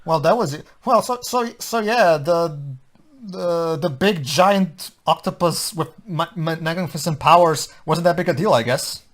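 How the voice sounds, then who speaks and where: Rambling man with a higher voice. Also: a little slow, fairly bright tone. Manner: rambling, with frequent stammered restarts. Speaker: podcast co-host. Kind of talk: casual movie commentary.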